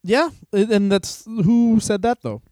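A man's voice: high-pitched, unhurried, darkish tone, dry recording, clean studio sound. A man co-hosting a comedy podcast in casual chat, rambling with restarts and laughing often. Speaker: podcast co-host.

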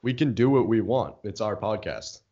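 Young man, low voice, dull recording. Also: moderate pace. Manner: excitable storyteller, swears freely, heated rants. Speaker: podcast co-host. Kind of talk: casual chat.

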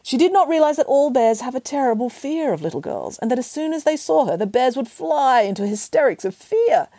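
A woman's voice: high-pitched, big pitch swings, fairly quick, warm tone, no room sound, pitched above the performer's own voice, exaggerated voice. A woman voicing a mischievous grandmother who tells a wicked bedtime tale with theatrical relish. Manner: playful, theatrical, relishing gory details. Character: cheeky storytelling grandmother, mischievous.

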